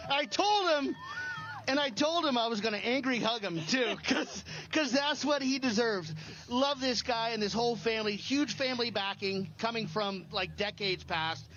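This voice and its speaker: A man in his forties, a loud, joking trackside interviewer at a race finish, heard through dull lo-fi livestream audio. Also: very high voice, moderate pace, a little hiss or hum. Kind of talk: excited post-race interview. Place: outdoors at a desert race finish.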